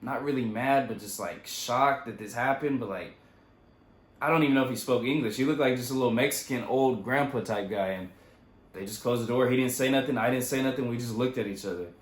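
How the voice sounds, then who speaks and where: A young man casually retelling his own story in a loose, profane, animated way. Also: mid-range voice, fairly quick, echoey room. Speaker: vlogger.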